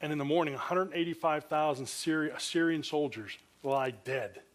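A man with a high voice preaching a conversational sermon. He is earnest and slips into quoted voices to act out the passage. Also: moderate pace. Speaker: pastor.

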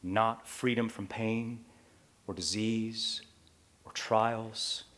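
A man preaching a sermon, dropping to near-whispers and rising to fervent shouts, often asking the listeners rhetorical questions. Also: fairly low pitch, fairly even intonation, very slow. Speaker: pastor.

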